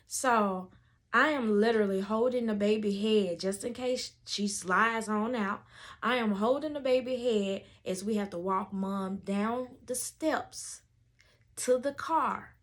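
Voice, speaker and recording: A woman, a doula telling a story to camera in a lively way and acting out the voices of the people in it. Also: medium pitch, a little slow.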